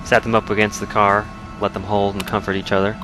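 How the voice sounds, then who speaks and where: A man's voice: lowish voice, flat delivery, a little fast, bright, forceful tone, faint music behind, rough recording. A man voicing a grieving, hardened lone survivalist who speaks in clipped fragments with a slight Southern drawl.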